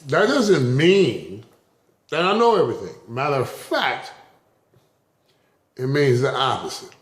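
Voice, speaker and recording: A man's voice: mid-range voice, very animated, unhurried. A man giving a rambling, casual spiritual talk to camera, chuckling often between phrases. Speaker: vlogger. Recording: roomy echo.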